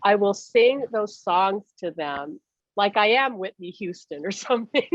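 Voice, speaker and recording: Woman medium, lively and chatty, lo-fi dry recording. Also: medium pitch, a little slow, dry recording. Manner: animated, acts out voices, laughs often. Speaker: medium giving readings. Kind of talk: casual reading over a call.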